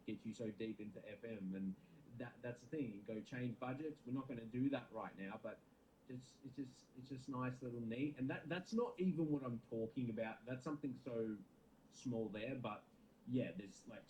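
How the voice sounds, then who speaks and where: A man's voice: mid-range voice, warm tone, a little hiss or hum, poor audio. Male gaming host, casual play-along commentary, chatty and rambling, plain mid voice. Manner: chatty, rambling, frequent restarts.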